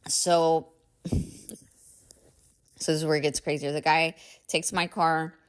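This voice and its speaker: A woman's voice: deep voice, little pitch movement, slow pace, smooth. A woman podcast host telling a personal story in a candid, casual way, swearing freely and chuckling often, sounding tired.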